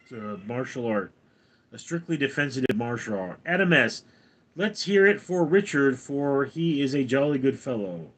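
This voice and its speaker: Deadpan man reading his chat aloud. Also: medium pitch, normal speed. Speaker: live streamer answering chat. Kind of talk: casual live-stream chat.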